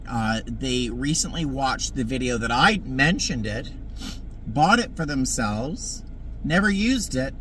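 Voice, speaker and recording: A man's voice: mid-range voice, bright, forceful tone, slight background noise. A man, a flight attendant, telling a story in a casual vlog. He talks in an emotional, dramatic way, with sudden emphatic swings.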